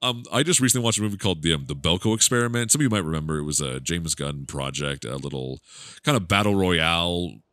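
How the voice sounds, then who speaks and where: A man's voice: low voice, animated, fast talker, a bit bright, dry recording. A man giving rambling, joking commentary while playing a video game, laughing often. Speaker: gaming YouTuber. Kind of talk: casual let's-play commentary.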